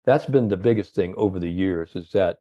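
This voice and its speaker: A man's voice: sits low, brisk, mellow, dull audio. A man telling a long golf story as a guest expert on a podcast, filling his talk with constant "you know"s. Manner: rambling, heavy use of "you know".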